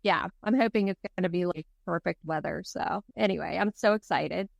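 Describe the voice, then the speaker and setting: A woman hosting a podcast in casual chat, excitable and talkative, laughing often. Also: fairly low pitch, brisk, gravelly, no room sound. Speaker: podcast host.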